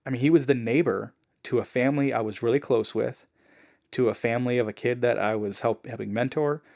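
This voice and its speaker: Gravelly-voiced man telling his story. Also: mid-range voice, brisk. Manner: animated, acts out the people he quotes; fillers like "man" and "like". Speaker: podcast guest. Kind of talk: casual storytelling.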